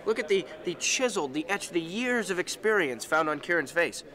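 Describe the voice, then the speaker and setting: A man's voice: high-pitched, expressive, fairly quick, sharp tone. A man joking casually about a colleague during on-set chat. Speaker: actor interviewed.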